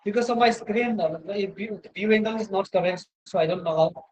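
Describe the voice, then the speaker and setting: Briskly, in a high voice, a male lecturer with an Indian English accent delivers a university lecture online from indoors at his laptop, using its built-in mic. The audio is poor, and he rambles, leaning on "you know" and checking in with "right?".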